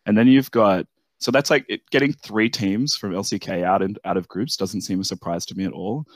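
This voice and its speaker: A man's voice: fairly low pitch, a little fast, no room sound. A young man from Australia, calling in to a casual esports discussion and talking in a rambling way with lots of fillers. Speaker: caller.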